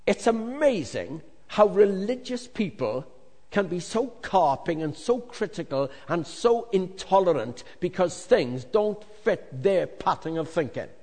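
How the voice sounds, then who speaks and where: A male pastor preaching a lively sermon to a congregation, with jokey asides, swinging from loud to hushed. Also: high voice, measured pace. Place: large hall with congregation. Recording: long reverb of a large hall.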